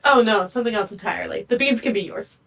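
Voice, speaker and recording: A woman player speaking in character in a tabletop game, calm and polite. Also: medium pitch, fast talker, creaky, rough recording. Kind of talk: in-character tabletop role-play.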